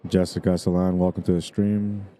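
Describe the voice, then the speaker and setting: Days of talking have dried out this man's throat as he commentates a pool stream, chatty and rambling, full of fillers. His voice is deep and dark in tone, with little pitch movement, at a normal speed.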